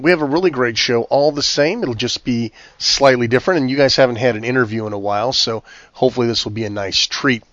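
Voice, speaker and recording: A man hosting a retro gaming podcast with a hoarse, scratchy, worn-out voice, talking conversationally with frequent ums and uhs. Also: medium pitch, fairly bright tone, no echo, highs cut off. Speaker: podcast host.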